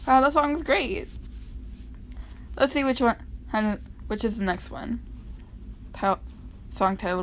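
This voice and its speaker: A woman casually reading comics aloud, animated and given to dramatic, mock-outraged outbursts. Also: on the high side, slow pace, pauses often, slight background noise, rough recording. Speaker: comic dub reader.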